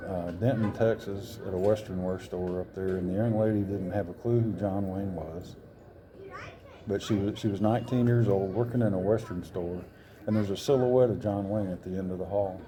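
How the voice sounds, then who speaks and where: A man's voice: fairly low pitch, warm tone. Earnest older man telling a long story. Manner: earnest, rambling, with self-corrections. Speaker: interview guest, author. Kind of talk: personal storytelling. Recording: crowd chatter behind.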